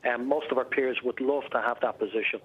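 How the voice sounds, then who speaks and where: A male airline executive talks up results in a business news interview, confident and on-message, with many filler words. He comes through a narrow, phone-like remote line, with mid-range pitch. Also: steady tone, fairly quick, slightly rough. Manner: upbeat, on-message, frequent uh and um fillers. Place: remote studio link.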